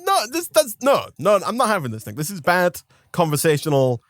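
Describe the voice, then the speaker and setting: A young man ranting about a pet peeve in casual banter, animated and mock-outraged. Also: high voice, fairly quick, no room sound, studio quality. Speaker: co-host.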